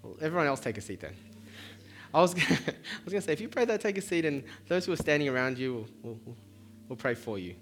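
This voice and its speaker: A man's voice: a little high, animated, fast talker, a bit bright, faint music behind. A man who is a pastor, leading an earnest altar-call prayer at a church service and often repeating words as he speaks.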